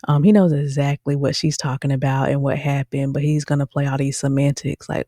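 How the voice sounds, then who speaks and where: Low, gravelly-voiced woman reviewing a show. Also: a little fast, hardly any pauses, dry recording, clean studio sound. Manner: chatty, addresses viewers directly as "y'all"; animated, with frequent "um" and "okay?". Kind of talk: casual commentary.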